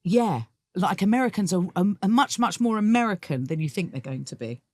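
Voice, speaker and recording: A woman's voice: mid-range voice, expressive, fairly quick, darkish tone, no echo. A middle-aged woman, a musical theatre actress, talking candidly and laughing easily in a podcast interview. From England.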